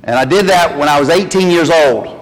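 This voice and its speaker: A man's voice: on the high side, a little fast. A middle-aged man from the North Carolina mountains, with a Southern accent, preaching a sermon in a folksy storytelling way. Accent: Southern US, western North Carolina. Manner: folksy storytelling, animated when quoting. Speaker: pastor. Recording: long reverb of a church hall.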